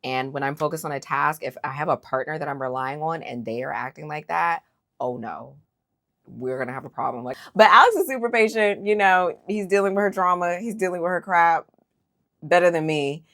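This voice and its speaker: Low-pitched woman host, talky and opinionated, casual reality-TV recap. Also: a little fast. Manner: opinionated, animated, lots of fillers.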